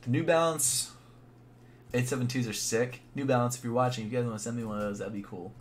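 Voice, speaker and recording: A young man chatting casually on a live stream, thinking out loud in a laid-back way with plenty of fillers. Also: mid-range voice, steady tone, quick pace, a little hiss or hum. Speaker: sneaker YouTuber live streaming.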